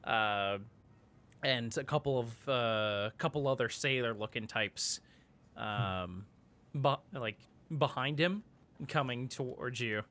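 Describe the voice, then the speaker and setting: Slow, bright-voiced man running a tabletop game. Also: medium pitch. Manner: unhurried, hesitant with fillers. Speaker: game master.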